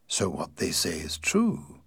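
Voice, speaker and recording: A man's voice: sits low, huge pitch swings, slow pace, vocal fry, a bit bright, breathy edge, no echo, clean studio sound, voice pushed down, full character voice. A man doing an indignant, agitated anarchist. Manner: urgent, indignant, pressing. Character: agitated, angry male anarchist.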